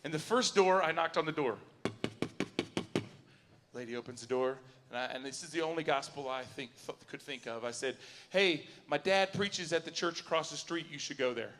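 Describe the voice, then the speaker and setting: A man doing a stand-up comedy set, acting out both sides of conversations with lively storytelling. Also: a little high, normal speed, a little hiss or hum. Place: university auditorium before a live audience. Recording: long hall reverb.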